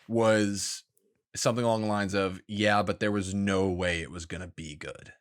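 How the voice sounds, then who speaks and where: A man's voice: lowish voice, steady tone, moderate pace, clear, resonant tone. A man co-hosting a casual gaming podcast, teasing his co-host dryly and explaining things at length.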